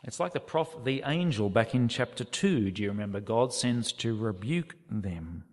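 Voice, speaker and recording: Male preacher, expressive scripture reading, lively pitch, long church-hall reverb. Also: normal speed, hardly any pauses. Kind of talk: sermon.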